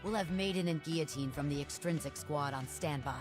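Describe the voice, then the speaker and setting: A woman's voice: deep voice, fairly quick, darkish tone, close to an everyday voice. A woman voicing a level-headed, firm commander in a game. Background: game music.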